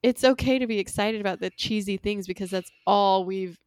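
An American woman chatting on a podcast about lyrics, animated and quick to laugh. She slips into playful quoted voices as she talks. Her voice is mid-pitched and sounds close and dry, with no room around it. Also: clear, resonant tone, no echo. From United States. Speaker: podcast co-host. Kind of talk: casual chat about song lyrics.

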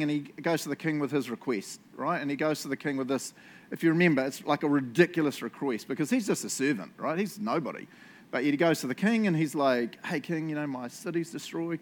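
Chatty New pastor, self-deprecating. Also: male voice, on the high side. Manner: chatty, self-deprecating, tags lines with "eh?" and "right?". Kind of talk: casual conversational sermon and prayer. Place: church.

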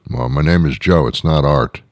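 A man voicing an exasperated ordinary guy who talks gruffly and bluntly. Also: extremely low pitch, normal speed, no room sound, studio quality, pitched below the performer's own voice.

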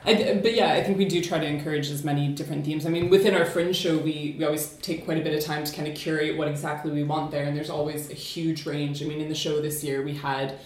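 A woman from the United States with an American accent softened by years in Scotland, chatting on a podcast and then performing a spoken word poem in a measured, rhythmic delivery. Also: low-pitched, fairly even intonation, echoey room. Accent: American, slightly shifted by living in Scotland. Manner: measured, rhythmic poetic delivery with deliberate slowing.

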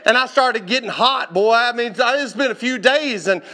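A man preaching from the pulpit with a high voice and a bright, forceful edge. He tells his story in an animated way, laughing and calling out to the listeners as he goes. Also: normal speed. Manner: animated, laughing, calls out to the congregation. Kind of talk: storytelling sermon.

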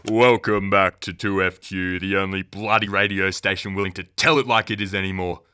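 A man's voice: deep voice, little pitch movement, fairly quick, background noise, close to an everyday voice. A man playing a bombastic male talk radio shock jock. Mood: blustering. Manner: bombastic, indignant, leading questions.

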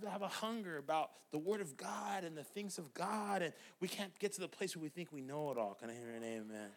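High, bright-voiced energetic male pastor. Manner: energetic preaching, rising to shouts. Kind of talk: sermon.

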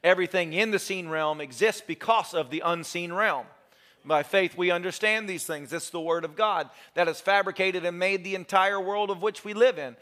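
Male pastor, sermon, animated storytelling, bright tone. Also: high voice, moderate pace. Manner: animated, joking, acts out quotes. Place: church sanctuary.

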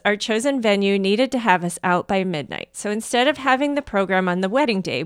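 A woman co-hosting a podcast, reading a listener's story aloud in an animated way and laughing often. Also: mid-range voice, clear, resonant tone, no room sound, clean studio sound.

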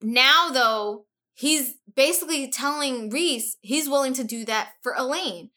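A woman with a high, bright voice dishes on a book's characters in casual chat. She tells the story in an animated, gossipy way with plenty of slang. Her delivery is lively and spirited. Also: unhurried. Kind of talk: casual book discussion chat.

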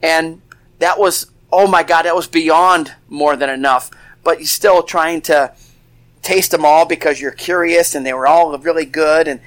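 A man's voice: fairly high pitch, steady tone, unhurried, fairly bright tone. A man co-hosting a casual talk show, rambling with many restarts and "you know"s. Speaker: co-host. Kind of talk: casual chat.

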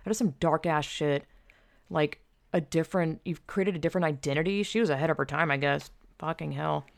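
A woman's voice: low voice, brisk, gravelly. A woman telling stories in a loose, rambling monologue, full of fillers and casual swearing.

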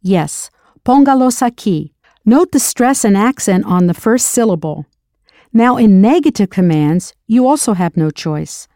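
A woman's voice: mid-range voice, expressive, moderate pace, warm tone, no room sound, clean studio sound. A woman narrating a scripted audio language lesson as the teacher. She patiently prompts drill questions and then confirms the answers.

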